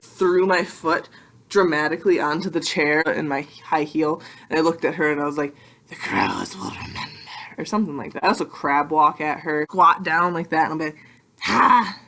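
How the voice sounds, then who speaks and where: A young adult woman vlogging casually to her computer webcam, rambling and excitable with self-mocking asides. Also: low voice, fast. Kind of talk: casual vlog talk to camera.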